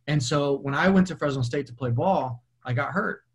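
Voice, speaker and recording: A man in his thirties, a football coach, telling stories in an interview with lively acted-out quotes and frequent laughter. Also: fairly high pitch, normal speed, husky. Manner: animated, acts out quoted voices, laughs often. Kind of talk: storytelling in a podcast interview.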